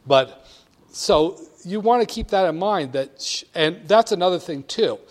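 Animated man lecturing a class. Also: high-pitched, unhurried. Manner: animated, emphatic, swings between quiet and loud. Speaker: instructor.

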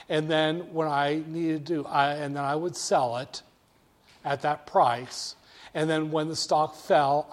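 A man teaching a class, explaining with animated emphasis that swings from quiet asides to loud, punchy points. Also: a little high. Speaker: instructor. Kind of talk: classroom lecture.

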